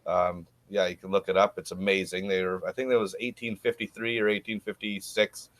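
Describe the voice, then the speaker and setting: A man's voice: deep voice, little pitch movement, fairly quick, a bit bright, no echo. A man talking as a guest on a podcast, an easygoing storyteller who laughs easily. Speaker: podcast guest, gold prospector. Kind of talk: casual podcast interview.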